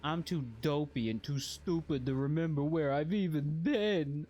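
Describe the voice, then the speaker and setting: A man's voice: fairly high pitch, a little slow, darkish tone, a little hiss or hum. A man casually chatting while streaming a video game, rambling and joking at his own expense. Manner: rambling, self-deprecating, jokey. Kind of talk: casual gameplay chat.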